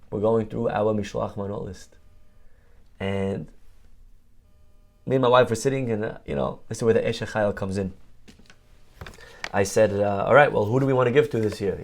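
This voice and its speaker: A middle-aged man giving a sermon as a rabbi, telling a personal story in an animated, conversational way. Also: on the low side.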